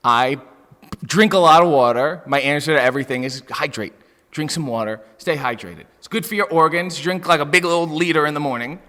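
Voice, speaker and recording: A Canadian man, a professional wrestler, joking through an interview with mock-serious, deadpan wit. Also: a little high, brisk. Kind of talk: comedic interview banter. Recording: roomy reverb.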